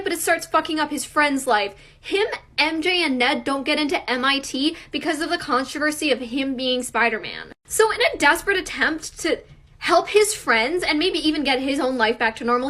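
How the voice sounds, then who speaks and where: A young woman vlogging in an animated rant that climbs to shouting. Her voice is high and bright, and she talks casually. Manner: animated ranting, rising to shouts. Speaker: content creator.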